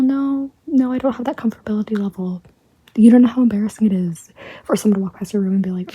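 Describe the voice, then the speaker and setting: A young woman vlogging at home in her bedroom, talking in a hushed whisper so no one hears her, chatty and rambling. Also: mid-range voice, a little fast, slightly rough. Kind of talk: whispered haul vlog.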